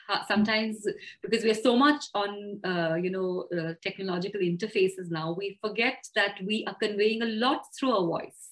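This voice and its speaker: Brief: Indian English woman, language coach, mid-pitched, halting, explains step by step. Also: rough recording. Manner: thoughtful, with many fillers and self-corrections. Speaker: communication trainer. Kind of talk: advice-giving interview answers.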